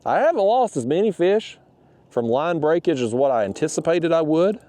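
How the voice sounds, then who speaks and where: A man's voice: fairly high pitch, sing-song, normal speed, mellow. A man talking casually to his audience while fishing from a kayak on a river, full of folksy exclamations. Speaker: fishing vlogger.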